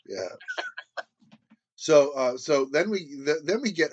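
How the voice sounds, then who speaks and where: A man co-hosting a casual book discussion podcast, animated, laughing often and acting out quotes from the story. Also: a little high, takes it slowly, pauses often, slightly rough, no room sound. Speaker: podcast co-host.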